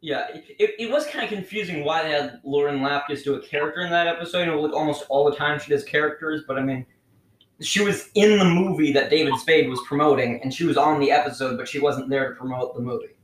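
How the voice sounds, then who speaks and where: A man's voice: fairly high pitch, quick pace. A man hosting a podcast, asking questions hesitantly and stammering now and then. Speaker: podcast host. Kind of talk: casual podcast interview. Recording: echoey room with faint noise.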